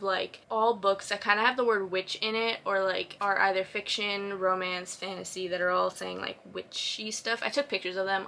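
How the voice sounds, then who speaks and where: A woman in her twenties chatting casually as a book vlogger, gushing and excitable, with lots of fillers. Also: medium pitch, vocal fry, slight background noise. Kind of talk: casual chat. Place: home room with bookshelves.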